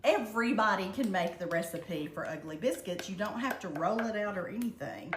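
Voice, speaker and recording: A woman's voice: medium pitch, animated, fairly quick. An older Southern woman with a Southern American accent, chatting folksily through a home cooking demonstration. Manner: chatty, folksy, addresses viewers as y'all. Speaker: home cook. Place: home kitchen. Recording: echoey kitchen with background noise.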